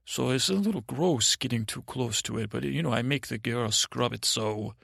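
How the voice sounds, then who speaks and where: Brief: gravelly male storyteller, meandering and hesitant, dry close sound. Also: medium pitch, normal speed, fairly bright tone, no echo. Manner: meandering, hesitant, in character as a timid boy. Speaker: podcast host. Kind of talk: rambling bedtime storytelling.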